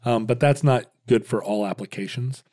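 A man in his fifties co-hosting a casual podcast, explaining at length in halting restarts with wry asides. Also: mid-range voice, darkish tone. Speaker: podcast co-host.

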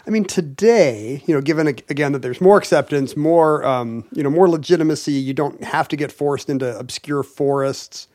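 A man's voice: a little high, normal speed, few pauses, a little mellow. Jokey, explaining male podcast host. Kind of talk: casual chat.

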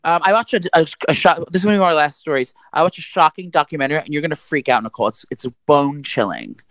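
A man around forty, co-hosting a casual podcast chat and telling stories quickly, with crude language and loud acted-out quotes. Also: fairly high pitch, expressive, no room sound, rough recording. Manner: rapid, profane storytelling with loud acted-out quotes. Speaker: podcast co-host.

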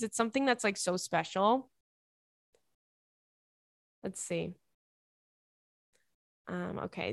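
A woman's voice: medium pitch, fairly bright tone, no echo, studio quality. A young woman hosting a podcast, reading listener emails aloud in casual chat and gushing over them. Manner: gushing, effusive, frequent "oh my God". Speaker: podcast host.

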